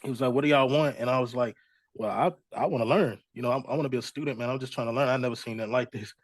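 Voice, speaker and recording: A man's voice: medium pitch, racing, no echo. A young adult man, a music artist, casually telling his story as an interview guest and acting out what people said to him. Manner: relaxed storyteller, acts out quoted dialogue.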